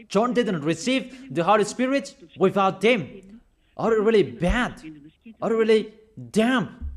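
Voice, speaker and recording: Man, high-pitched, emphatic repetitive sermon. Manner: emphatic, repetitive preaching, reads out verses. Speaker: preacher.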